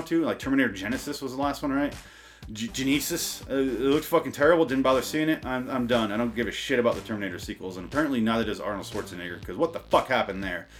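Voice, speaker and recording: Dude doing a sweary sarcastic rant, stumbles over himself a lot, bit of music under it. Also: male voice, medium pitch, a bit bright. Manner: self-deprecating, stumbles and restarts. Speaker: comedy podcaster reading a bit. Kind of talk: reading a comic rant, then off-script riffing.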